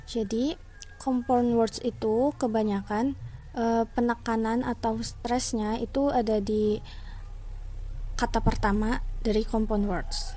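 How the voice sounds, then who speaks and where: A woman's voice: on the high side, mellow, low-quality recording. A woman with an Indonesian accent giving a class presentation, reading in English and explaining in Indonesian. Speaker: student presenter.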